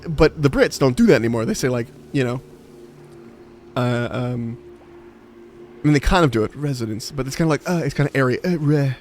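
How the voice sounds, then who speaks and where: A man's voice: mid-range voice, lively intonation, a little fast, pauses often, slight background noise. A young man streaming a game in casual chat, rambling on a side topic, swearing and laughing at himself.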